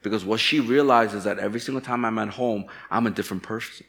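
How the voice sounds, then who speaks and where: A man from Chicago delivers a sermon as a pastor, with a voice that sits on the lower side. He talks candidly, weaving personal stories into the message and poking fun at himself. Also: quick pace, vocal fry, fairly bright tone. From Chicago, USA. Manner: candid, storytelling with self-deprecating humor.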